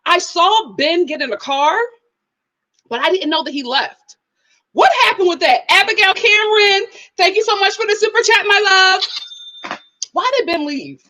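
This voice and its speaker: A woman hosting her own live-stream reaction show, talking in a blunt, animated, exclaiming way and reading out viewer comments. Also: very high voice, normal speed, low-quality recording. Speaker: YouTube host.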